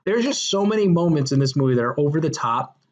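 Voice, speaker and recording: A man's voice: on the high side, expressive, fast talker, slight background noise. A man hosting a podcast, chatting casually and acting out movie scenes in put-on voices. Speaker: podcast host. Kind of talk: casual movie review chat. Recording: dull lo-fi podcast audio.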